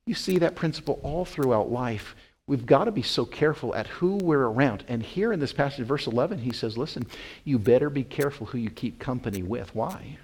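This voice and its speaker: A man's voice: mid-range voice, a little mellow, breathy edge. A middle-aged man from Wyoming preaching a sermon, earnest, with fillers and emphatic rising peaks. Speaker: pastor.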